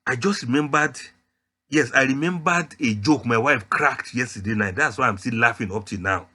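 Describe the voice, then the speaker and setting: A man's voice: medium pitch, moderate pace, pushed and bright. A man playing a cheerful husband. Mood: amused. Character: cheerful husband telling coworkers about a joke.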